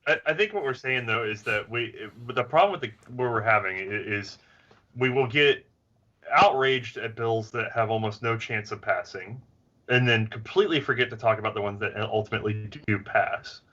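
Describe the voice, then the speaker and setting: A man's voice: on the low side, moderate pace, bright, forceful tone, dull audio. A man talking as a podcast guest, thoughtful and hedging, working his point out carefully. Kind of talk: casual podcast discussion.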